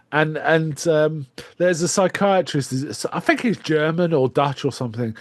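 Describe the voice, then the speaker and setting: A man's voice: a little high, moderate pace, no echo. A man co-hosting a podcast, casually retelling a film's plot and acting out its lines with little laughs. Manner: retells plots at length, acting out quoted lines and chuckling. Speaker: podcast co-host. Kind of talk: casual film discussion.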